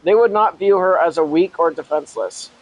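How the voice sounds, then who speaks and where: A man reading an adventure story aloud as a channel host, halting, correcting himself and breaking off for casual asides. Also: a little high, rough recording. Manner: halting reading with frequent self-corrections and restarts.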